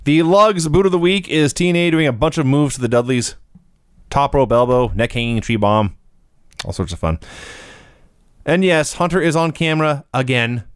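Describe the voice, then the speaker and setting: A man's voice: fairly high pitch, moderate pace, clear, resonant tone, no echo, studio quality. A man co-hosting a podcast, recapping wrestling from his notes in a matter-of-fact casual way. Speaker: podcast co-host.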